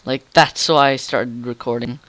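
A man's voice: mid-range voice, steady tone, measured pace, a bit bright, no echo. A teenage boy doing goofy, rambling commentary over his game, with a frog in his throat. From Canada. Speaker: gamer. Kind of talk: gameplay commentary.

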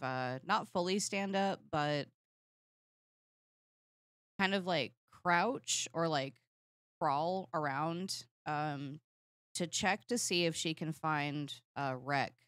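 A woman player in a tabletop game, describing her character's actions in a measured, hesitant way. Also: sits low, a bit bright, clear, resonant tone, no echo, clean studio sound.

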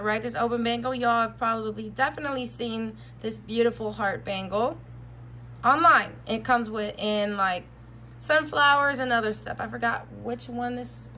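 Hoarse chatty woman with a bright voice. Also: sits high, a little hiss or hum. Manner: chatty, blunt, animated complaining. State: hoarse, voice nearly gone. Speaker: jewelry vlogger. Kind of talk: casual product review.

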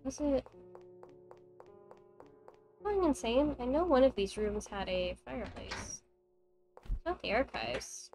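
A high-voiced young woman streams a horror game at an unhurried pace, muttering her thoughts and cursing casually. Faint game music plays quietly behind her. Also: lively intonation, creaky, rough recording. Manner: swears freely, thinks aloud. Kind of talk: casual gameplay commentary.

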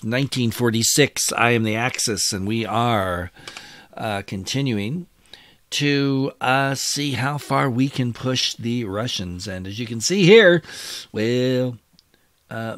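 Slow-talking man narrating a wargame. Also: medium pitch, no room sound. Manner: thinks aloud, bursts into cheers at wins. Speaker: gaming channel host. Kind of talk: wargame let's-play commentary. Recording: loud game battle sounds behind voice. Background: loud artillery and gunfire from the game.

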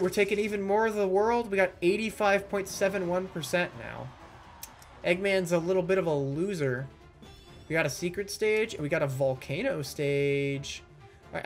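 A man giving let's-play commentary, sarcastic and critical as he rants about the game he is playing. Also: fairly high pitch. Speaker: gaming YouTuber. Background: faint game music.

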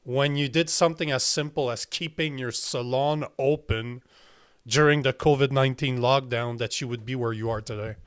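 A man's voice: medium pitch, normal speed, fairly bright tone, smooth. A man with a French accent hosting his podcast, blunt and emphatic and swearing casually. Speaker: podcast host. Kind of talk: casual interview talk.

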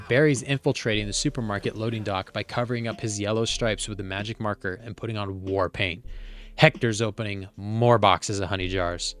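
A man's voice: fairly low pitch, a bit bright. A man reading a movie script's stage directions aloud for comedy, now and then tripping over words.

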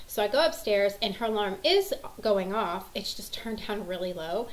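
Woman, mother, casual vlog storytelling, rambling, chatty, lots of fillers, animated. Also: mid-range voice, normal speed, poor audio. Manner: rambling, chatty, full of "you know" and "like". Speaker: mother of several children.

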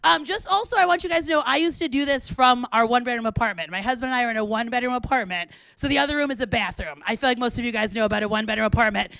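A woman in her thirties hosting a live club show, loud and excitable, often laughing and chatting with the crowd. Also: on the high side, rapid-fire, creaky, few pauses, no room sound. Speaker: comedian host. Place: small club, indoors.

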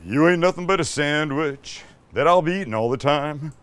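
A man putting on a deliberately bad impression of a crooning 1950s-style male rock star. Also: a little high, lively intonation, fairly bright tone, smooth. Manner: crooning, self-mocking impression. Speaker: host.

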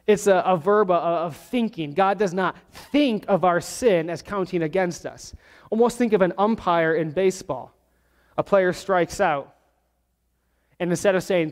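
High-voiced pastor preaching in a reverberant church. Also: male voice. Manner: teaching verse by verse, slowing down to stress key words. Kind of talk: sermon. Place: church sanctuary. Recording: long hall reverb.

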